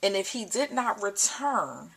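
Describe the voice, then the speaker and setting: A young mother talking to the camera at home, emotional and choked up, halting and repeating herself. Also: mid-range voice, very animated, gravelly, a bit bright, breathy edge. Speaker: mother vlogger. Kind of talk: personal vlog talk. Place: at home indoors. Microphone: camcorder built-in mic.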